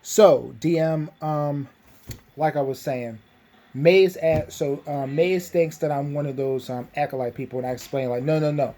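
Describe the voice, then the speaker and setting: A man's voice: a little high, a little slow, warm tone. A young man casually recapping a tabletop game session, rambling with lots of fillers and restarts.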